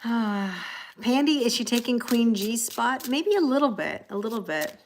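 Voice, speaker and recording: A woman's voice: a little high, lively intonation, a little slow, slight background noise. A woman in her forties, chatty and laughing often, greeting viewers by name as she reads tarot cards on a live stream. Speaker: tarot reader. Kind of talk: casual live-stream card reading.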